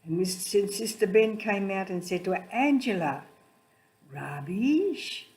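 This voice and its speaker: A woman who is a religious sister tells a story to children, gently and slowly, with dramatic pauses. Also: mid-range voice, steady tone, poor audio.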